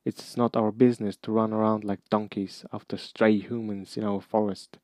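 Brief: male reader doing a hot-tempered, proud centaur; loud and scolding, dry close sound. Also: fairly low pitch, level tone, moderate pace, no room sound, close to an everyday voice. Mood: angry. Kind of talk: audiobook character reading.

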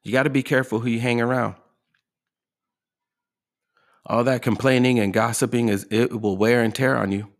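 Speaking at a moderate pace with a steady tone, this man hosts a motivational podcast. His voice is medium-pitched, he pauses often, and he talks with emphasis while asking listeners rhetorical questions.

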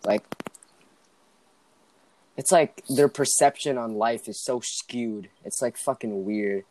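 A man's voice: mid-range voice, slow pace, dry recording. A young man chatting casually with friends, telling rambling stories and swearing freely. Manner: rambling, animated storytelling, swears a lot. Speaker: podcast co-host. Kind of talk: casual chat among friends.

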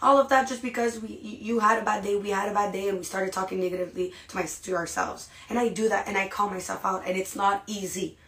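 Dramatic woman podcast host, pep talk straight to listeners, acts out little voices, mid pitch. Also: steady tone, quick pace, few pauses, fairly bright tone. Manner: talks straight to listeners, asks rhetorical questions. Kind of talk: motivational monologue.

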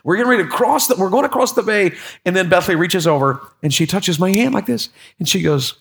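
Animated preacher man. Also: high-pitched, fast talker, vocal fry. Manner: animated storytelling, repeats words, voice jumps up when excited. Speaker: pastor. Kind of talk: sermon with personal story.

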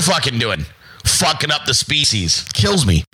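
A man's voice: a little high, wildly swooping pitch, a little slow, sharp tone, slightly rough, poor audio. A man hosting a show, delivering a blunt, crude, confrontational rant. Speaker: host. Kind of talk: profane ranting monologue.

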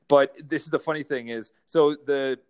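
A man, a real estate broker, telling stories as a guest in a casual interview, lively and laughing as he goes. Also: medium pitch, moderate pace, clear, resonant tone. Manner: animated, acts out quotes, laughs while telling stories.

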